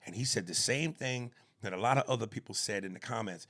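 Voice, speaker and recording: A man co-hosting a comedy podcast in casual chat, animated and prone to slipping into quick jokey impressions. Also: on the low side.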